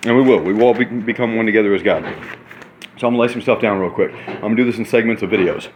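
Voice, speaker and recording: A man in his thirties, excitable and rambling in a casual vlog monologue, sometimes talking while eating in a hotel room. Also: on the low side, rapid-fire, slight background noise. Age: 30s. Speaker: vlogger.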